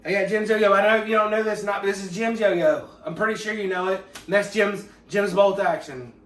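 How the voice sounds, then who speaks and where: Man, raised pitch, deadpan profane storyteller; roomy echo. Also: a little fast. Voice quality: rambling, profane, mock-serious. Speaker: comedic storyteller. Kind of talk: deadpan mock biography monologue. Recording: echoey room, mic far off.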